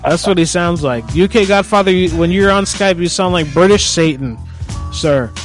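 A man's voice: sits high, moderate pace, faint music behind. A man hosting a talk show, teasing his co-host and rambling with lots of swearing. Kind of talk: casual crude banter.

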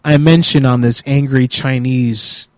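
Crude, swearing prank-calling streamer. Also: male voice, mid-range voice, steady tone, a little slow, dry recording, poor audio. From Puerto Rico. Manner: crude, swearing, loud angry outbursts. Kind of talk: prank call livestream.

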